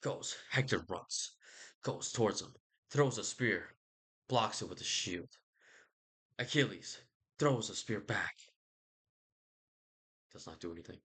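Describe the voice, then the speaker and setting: A man's voice: on the low side, expressive, slow pace, pauses often, fairly bright tone, slightly rough. A man giving a casual, rambling book recap in a loose, slangy, profane way, full of jokey asides. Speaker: book vlogger.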